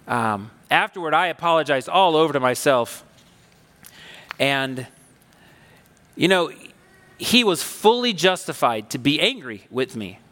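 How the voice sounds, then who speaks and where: Animated man preaching in a big hall. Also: fairly high pitch. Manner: conversational storytelling, animated and emphatic. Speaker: pastor. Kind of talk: sermon.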